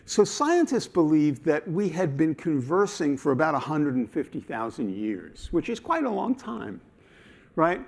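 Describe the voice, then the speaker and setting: A man giving a talk at a conference, animated and playful, acting out his examples as he explains them. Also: a little high. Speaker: conference speaker.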